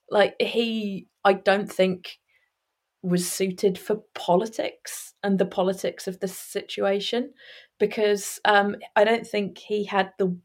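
A woman from Norfolk co-hosting a casual football podcast, speaking in a measured, wordy, wry way. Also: medium pitch, a little mellow. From Norfolk, England. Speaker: podcast co-host.

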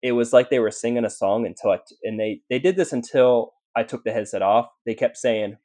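A man's voice: mid-range voice, a little fast, hardly any pauses, dark tone. A man, a paranormal investigator, telling his stories as a podcast guest in a rambling way, full of fillers and restarts. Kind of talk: casual storytelling in a podcast interview.

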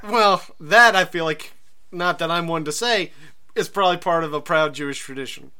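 A man co-hosting a podcast in casual comedic chat, cracking jokes and quick asides. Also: a little high, pushed and bright, clear, resonant tone. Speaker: podcast co-host.

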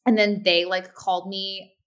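A woman in her thirties, a podcast co-host chatting casually and acting out quoted lines with sudden pitch jumps. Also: level tone, measured pace, clear, resonant tone. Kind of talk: casual chat.

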